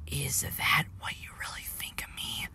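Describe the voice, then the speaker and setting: A man's voice: mid-range voice, unhurried. A man voicing a wheezing ghostly old steam engine. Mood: cold, weary. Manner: cold, hushed and wheezing.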